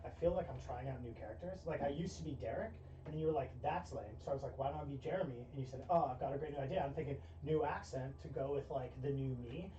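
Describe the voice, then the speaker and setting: A woman's voice: a bass voice, fast talker, few pauses, dark tone, a little hiss or hum, pitched below the performer's own voice. A woman voicing a dim, eager young man who is the boyfriend, laid-back and dopey in a tabletop game, recorded distant and roomy through a muffled mic. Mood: earnest.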